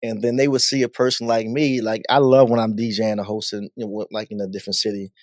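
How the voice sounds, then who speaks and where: A man's voice: on the low side, fast talker, no echo. A man from Baltimore, a guest DJ and radio host, telling stories animatedly in a casual interview. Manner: animated, acts out voices in stories.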